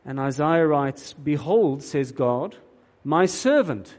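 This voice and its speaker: A man's voice: fairly high pitch, lively intonation, takes it slowly, a little mellow. A man preaching a sermon in an earnest, emphatic way, often repeating words as he starts a thought. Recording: long hall reverb.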